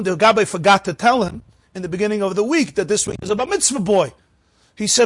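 A man telling an animated religious story, acting out the people in it. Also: sits high, quick pace, slightly rough, no room sound. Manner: animated, acts out the characters.

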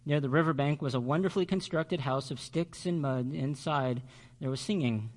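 A male pastor reading a children's story aloud during a sermon, expressive and measured. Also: a little high.

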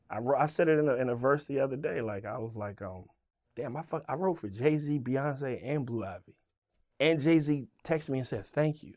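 A man from Virginia tells stories in a relaxed interview. He swears freely and acts out the voices of the people he quotes. His medium-pitched voice sits close and dry, with no room sound. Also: no echo. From Virginia, USA. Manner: animated storyteller, swearing, acting out quoted voices. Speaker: guest, rapper. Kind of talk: casual storytelling interview.

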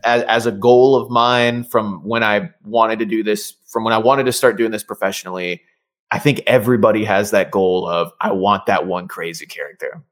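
A man's voice: on the low side, fairly even intonation, normal speed. A man, a voice actor, chatting casually as an interview guest with many fillers and restarts.

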